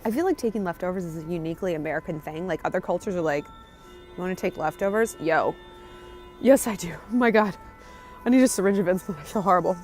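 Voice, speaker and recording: A woman talking to camera in a casual travel vlog, chatty, excitable and jokey, recorded outdoors on a handheld camera. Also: lowish voice, rapid-fire, faint music behind. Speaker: travel vlogger. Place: outdoors on a café patio and in city streets.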